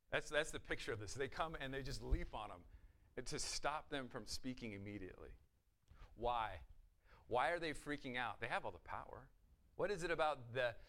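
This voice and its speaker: A male pastor delivering a verse-by-verse sermon at an ordinary mid pitch. He talks with sudden bursts of loudness and pointed rhetorical questions. He briefly takes on the voices of the figures he quotes. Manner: acts out the voices of the priests in quotes. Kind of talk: expository sermon.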